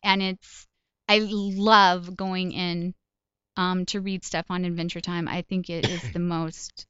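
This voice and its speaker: Woman comedian chatting in an interview, laughs at herself, smooth voice, dull muffled sound. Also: on the low side, flat delivery, slow, a bit bright, no echo. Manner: chatty, laughing, self-deprecating storyteller. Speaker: guest comedian and voice actor. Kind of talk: casual interview chat.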